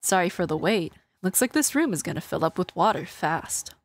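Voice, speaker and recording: A woman's voice: on the low side, expressive, normal speed, soft background music. A woman reading as a wry ghost. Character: wry male ghost, dry humor. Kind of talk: reading game dialogue aloud.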